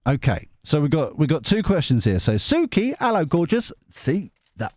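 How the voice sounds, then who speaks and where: Chatty man, lively pitch. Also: normal speed, hardly any pauses, no echo. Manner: chatty, rambling, self-mocking. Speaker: tarot reader. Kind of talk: live-stream reading, casual chat.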